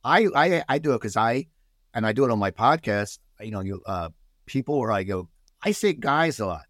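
Brief: middle-aged man, animated guest storyteller, dry close sound. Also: mid-range voice, normal speed, no echo. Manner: animated storyteller, restarts a lot. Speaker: podcast guest. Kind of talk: casual podcast chat.

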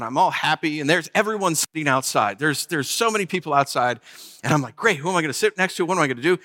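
A man preaching a sermon, telling a funny personal story with lively, animated delivery. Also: fairly high pitch. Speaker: pastor.

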